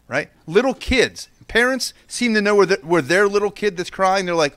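A man in his thirties leads a children's message at an outdoor church service. His fairly high voice swings widely as he tells stories and acts out what people said. He has the easy, lively manner of a pastor talking with small children. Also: fairly quick. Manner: lively storytelling with acted-out quotes. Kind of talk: children's sermon.

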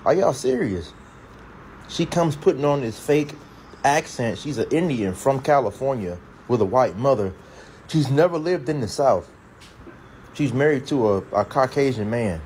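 A man's voice: medium pitch, expressive, normal speed, darkish tone, a little hiss or hum. A man delivering an indignant, sarcastic rant in a social media commentary video.

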